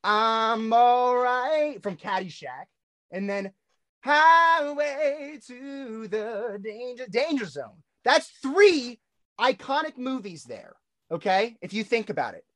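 A man's voice: very high-pitched, sing-song, slow, fairly bright tone, no echo. A young man in his twenties, a musician guest in a casual interview, talking loosely with lots of swearing, fillers and restarts.

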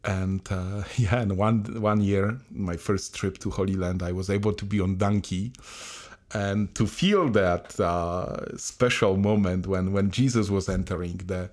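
Priest co-host, halting and hesitant, very low voice. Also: male voice, steady tone, darkish tone. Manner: halting, many restarts and fillers. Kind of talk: conversational reflection.

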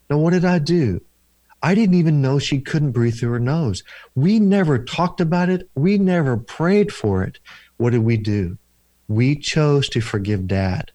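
A man's voice: a little high, lively intonation, measured pace, warm tone, no echo. A man, a deliverance minister and counselor, telling stories in an interview in an earnest, repetitive preaching cadence. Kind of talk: interview storytelling.

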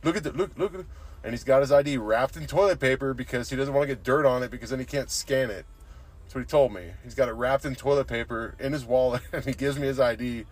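A man's voice: medium pitch, quick pace. A young man hosting a podcast, telling rambling, profane stories and saying "dude" constantly. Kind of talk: casual storytelling chat.

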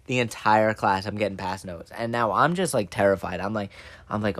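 A young man hosting a podcast, telling a story in casual chat, animated and full of restarts and laughs. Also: on the low side, moderate pace, dry recording. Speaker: podcast host.

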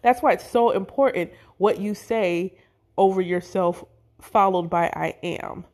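A woman speaking casually and earnestly about spirituality and self-love, emotional at times, with sudden high swoops for emphasis. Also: unhurried, a little mellow. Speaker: spiritual talk host.

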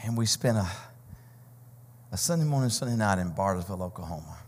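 A man preaching a Pentecostal sermon, telling testimony stories that build to shouting, sing-song peaks. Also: sits low, animated, brisk. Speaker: visiting preacher. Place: church sanctuary. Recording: church hall reverb with keyboard music.

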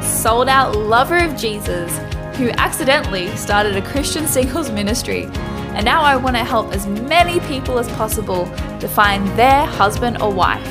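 Upbeat woman host over intro music. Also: a little high. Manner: upbeat, eager delivery. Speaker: podcast host. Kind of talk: scripted podcast intro. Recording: music playing under the voice.

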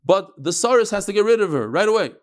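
Animated man teaching a Talmud class. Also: quick pace. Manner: explains in English, mixing in Hebrew and Aramaic terms; animated, with sudden swings up and down in pitch. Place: study hall.

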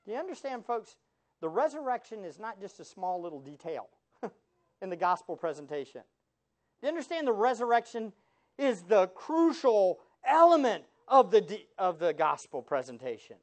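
A man preaching from the pulpit with a lively voice that swings widely up and down. He keeps asking the congregation rhetorical questions and slips in sarcastic asides. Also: high voice, normal speed. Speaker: pastor. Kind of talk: sermon.

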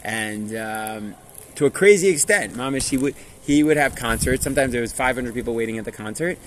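A man's voice: medium pitch, lively intonation, brisk, a little hiss or hum. A man teaching a Torah class through stories, in a casual manner that checks in with listeners and drops Hebrew and Yiddish words.

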